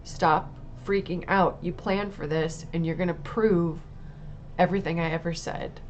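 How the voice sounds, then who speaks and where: A woman's voice: fairly low pitch, steady tone, unhurried, dull audio, a little hiss or hum, lightly acted. A woman quoting a stern, blunt Jesus. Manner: blunt, firm, reassuring. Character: stern calm male Jesus, commanding.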